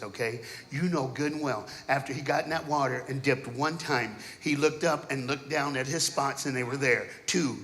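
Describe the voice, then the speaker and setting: A man preaching a sermon in a church, telling stories dramatically and acting out the characters, swinging between shouting and hushed asides. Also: a little high. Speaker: guest preacher. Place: church auditorium. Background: keyboard music.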